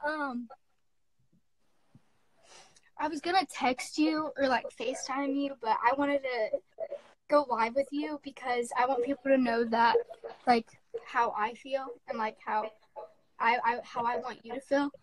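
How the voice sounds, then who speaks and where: A young woman in her teens giving a halting, tearful apology on a phone live stream, full of fillers and restarts. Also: high-pitched, fairly even intonation, dry recording, low-quality recording. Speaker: livestreamer.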